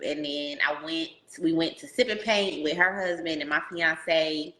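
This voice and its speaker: Podcast host, woman, lower pitch, bright tone, lively slangy storyteller, roomy echo. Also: measured pace. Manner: animated storyteller, slangy, addresses listeners as y'all. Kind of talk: casual podcast interview.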